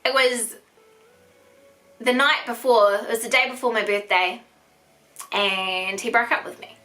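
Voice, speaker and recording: A woman of twenty-five with a New Zealand accent, speaking in a bright, crisp tone with a slightly high pitch. She tells a personal story to camera in a frank, conversational way, peppered with "like.". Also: steady tone, a little slow, faint music behind. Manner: frank and chatty, heavy use of "like". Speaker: vlogger. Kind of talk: candid storytime monologue.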